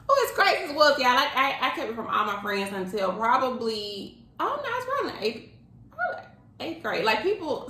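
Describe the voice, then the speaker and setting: A woman, talking candidly and expressively in casual chat. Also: on the high side. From Alabama, US. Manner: candid, expressive, dialect-heavy talk. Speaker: co-host. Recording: roomy echo.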